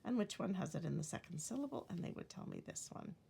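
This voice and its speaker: A woman teacher walking through a phonics word sort, speaking clearly and deliberately and stretching words to show the stress. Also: lowish voice, sing-song, warm tone. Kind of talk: classroom phonics lesson.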